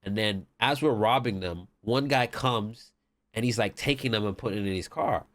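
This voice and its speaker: A man's voice: lowish voice, moderate pace, fairly bright tone. Podcast guest: casual, rambling male storyteller with many fillers. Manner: rambling, lots of "like" and "whatever".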